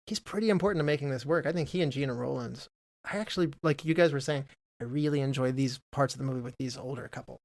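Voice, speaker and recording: A man's voice: medium pitch, fast, vocal fry. A man co-hosting a film podcast, chatting casually and reading out trivia in a rambling way. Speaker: podcast co-host.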